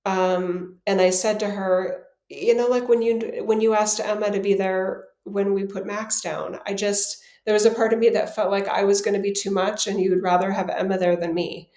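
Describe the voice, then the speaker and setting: A woman co-hosting a podcast, telling a personal story in a casual, animated way, laughing often and acting out what people said. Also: mid-range voice, moderate pace, hardly any pauses. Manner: animated, laughs often, acts out quoted dialogue. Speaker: podcast co-host. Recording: roomy echo.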